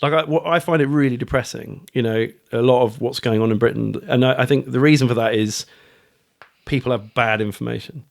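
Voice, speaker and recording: Man, middle-aged, from the UK, podcast guest, chatty, frequent restarts, mid-pitched voice. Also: a little fast, creaky. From United Kingdom. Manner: chatty, swears, many restarts. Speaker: guest, author and fund manager. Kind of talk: casual podcast interview.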